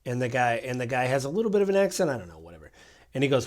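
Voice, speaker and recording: A man's voice: mid-range voice, expressive, fast talker. A man co-hosting a political podcast, retelling incidents and acting out what people said. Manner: storytelling, acts out quoted exchanges. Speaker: podcast co-host. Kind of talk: casual political chat.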